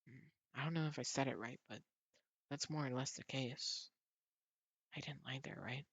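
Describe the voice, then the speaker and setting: A man's voice: mid-range voice, steady tone, normal speed, fairly bright tone, slightly rough, no room sound. A man casually reading a comic aloud, voicing the parts and adding chatty asides. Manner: chatty asides and chuckles between lines. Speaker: comic reader.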